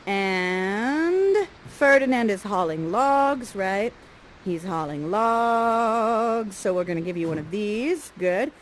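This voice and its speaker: A woman coaching actors through a scene, lively and acting out lines for the performers. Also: mid-range voice, slow, a little hiss or hum, poor audio.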